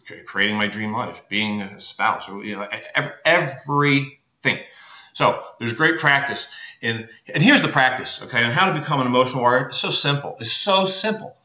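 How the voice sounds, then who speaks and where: An energetic male motivational speaker drives his points home with crisp, bright emphasis. The sound is roomy and a little dull, like a lo-fi recording in an echoey space. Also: medium pitch. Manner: energetic, emphatic, with many checking "right?" and "okay?" asides. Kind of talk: motivational talk to an audience.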